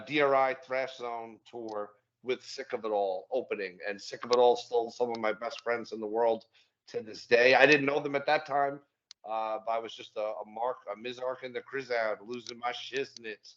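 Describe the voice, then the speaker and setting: A man's voice: mid-range voice, steady tone, moderate pace, fairly bright tone, dull audio, slight background noise. Profane, candid podcast host man. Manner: candid and profane, swaps travel stories. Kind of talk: casual podcast chat.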